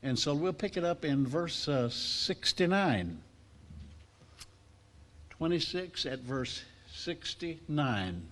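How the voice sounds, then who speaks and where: A preacher with a fairly high voice takes it slowly as he gives a sermon to a class. He tells stories in a lively way and acts out the voices in the quotes.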